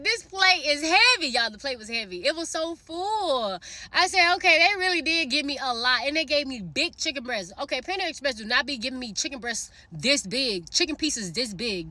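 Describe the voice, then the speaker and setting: A woman's voice: sits high, pushed and bright. A woman casually telling a personal faith story and encouraging her listeners, chatty, with many fillers, calling out to them directly. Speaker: faith vlogger sharing a prophetic word.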